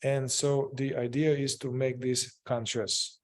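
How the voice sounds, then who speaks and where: Male group facilitator, mid pitch, unhurried and halting, full of "uh" and restarts. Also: flat delivery. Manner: hesitant, many fillers and restarts. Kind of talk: guiding a group in therapeutic inquiry.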